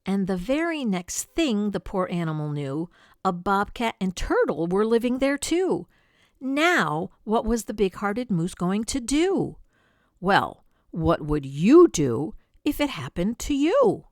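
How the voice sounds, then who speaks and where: Brief: grandmotherly storyteller, slow and lively, dry close recording. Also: medium pitch, no echo. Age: older. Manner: slow, lively, dramatic with whispered asides. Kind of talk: reading a picture book aloud.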